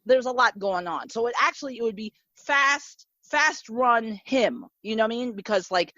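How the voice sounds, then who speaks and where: A woman's voice: fairly high pitch, expressive, normal speed, bright, forceful tone, no echo, muffled recording. A woman hosting a podcast, chatting casually in a rambling way full of filler words. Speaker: podcast host. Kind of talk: casual chat.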